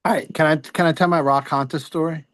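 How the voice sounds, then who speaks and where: A man's voice: on the high side, steady tone, quick pace, a bit bright. An older man co-hosting a sports podcast, telling an easygoing self-mocking story. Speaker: podcast co-host. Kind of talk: casual storytelling.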